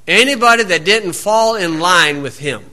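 A man's voice: high-pitched, lively intonation, moderate pace, pushed and bright. A man preaching a sermon, reading scripture aloud and breaking in with folksy, sarcastic asides. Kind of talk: sermon, Bible reading with commentary.

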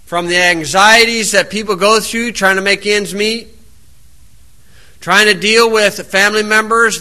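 Bright-voiced folksy man preaching. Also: high-pitched. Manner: reads scripture slowly, then drifts into plain-spoken anecdotes. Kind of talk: folksy sermon.

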